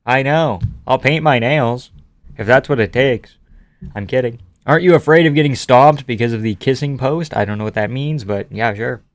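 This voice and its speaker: A man's voice: medium pitch, normal speed, no echo. A man from Canada streaming live, reading out viewer comments and answering them offhandedly with casual swearing.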